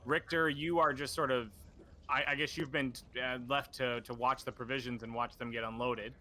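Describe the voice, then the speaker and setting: Casting: male game master, bright tone, meandering narration full of fillers. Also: medium pitch, flat delivery, normal speed. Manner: rambling, many fillers and restarts.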